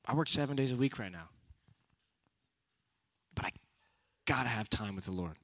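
A man's voice: medium pitch, animated, moderate pace, fairly bright tone. A young man giving a casual youth sermon, conversational with punchy repeated exhortations. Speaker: youth speaker.

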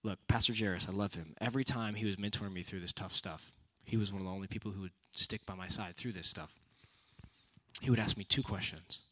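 A man's voice: low-pitched, fast, a bit bright. A young man giving a casual youth sermon, conversational with punchy repeated exhortations. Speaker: youth speaker.

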